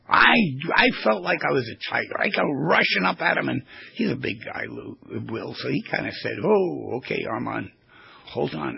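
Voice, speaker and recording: A male radio host and therapist talks in a casual, animated way, his voice rough with fry and breath. The sound is dry and close, a bit dull and lo-fi. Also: fairly high pitch, normal speed, no room sound. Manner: animated, rambling storyteller. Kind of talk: casual radio talk with storytelling.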